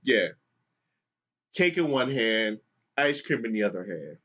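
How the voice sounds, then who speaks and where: A podcast co-host, speaking with fairly low pitch and an unhurried pace, pauses often as he tells a story. His casual, profane retelling is animated, acting out the people with quoted voices, and the recording is dull and lo-fi.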